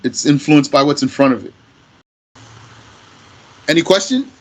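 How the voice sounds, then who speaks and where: A man teaching Arabic grammar in English, explaining slowly and patiently and repeating his example phrases. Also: on the high side, animated, low-quality recording. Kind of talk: slow classroom explanation.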